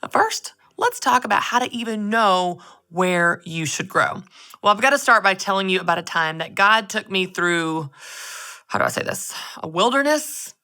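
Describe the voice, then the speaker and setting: A woman hosting a show, telling a personal faith story in a candid, chatty way that swings between loud exclamations and soft near-whispers. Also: medium pitch, expressive, normal speed. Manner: candid, chatty, addresses listeners as "y'all". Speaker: podcast host.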